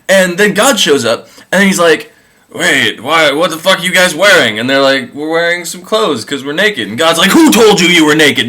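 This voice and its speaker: A young man casually retelling a story with irreverent, profane humor, jumping into quick voices for each figure. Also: a little high, bright, forceful tone, poor audio. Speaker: comedic storyteller.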